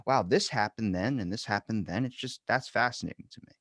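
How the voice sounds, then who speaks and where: Animated male podcast host, dry sound. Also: fairly quick, no echo. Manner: animated storyteller with big pitch swings. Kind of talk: casual interview chat.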